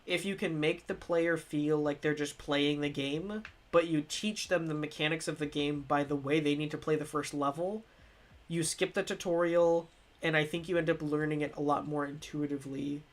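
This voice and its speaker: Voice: mid-range voice, fairly even intonation, moderate pace. A game streamer chatting casually on a live stream, rambling and restarting often and sounding a little stuffy from a cold. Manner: rambling and self-correcting, with frequent restarts and laughs. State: slightly stuffy, coming down with a cold. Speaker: streamer reviewing games.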